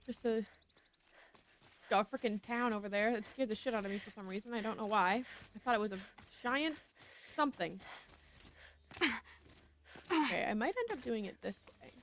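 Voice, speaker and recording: Game music plays behind a young woman's slightly high voice as she streams a video game. She talks casually at a moderate pace with frequent pauses, sometimes swearing and reading the on-screen text aloud, and there's a bit of background noise.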